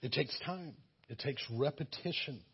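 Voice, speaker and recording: A man's voice: mid-range voice, moderate pace, husky, muffled recording. A man preaching a sermon, earnest and exhorting, sometimes acting out the voices of listeners. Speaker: pastor.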